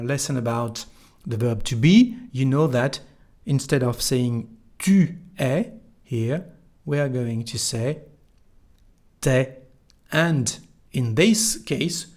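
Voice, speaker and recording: A man's voice: mid-range voice, a little mellow. A man with a French accent teaching a French lesson in English, explaining each word with care and modeling phrases for the listener to repeat. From France. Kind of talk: online language lesson.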